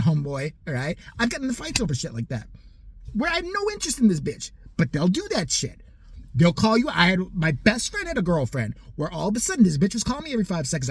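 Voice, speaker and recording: Man, forties, husky, lively swings in pitch; foul-mouthed mocking comic rant. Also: no echo. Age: 40s. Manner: profane, mocking, heated. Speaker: comedic ranter. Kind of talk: profane comedic rant.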